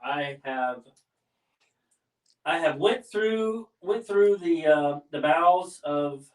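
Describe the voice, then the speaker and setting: A man's voice: on the high side, slow pace, far from the mic. A man co-hosting a casual livestream, making dry joking asides. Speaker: co-host. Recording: echoey, off-mic.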